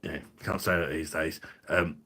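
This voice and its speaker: A man with a low, deep voice hosting a loose livestream, chatting straight to his viewers. He swears freely, jokes crudely and greets people from the chat by name. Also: fairly even intonation, moderate pace, gravelly, bright, forceful tone, husky. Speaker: livestream host.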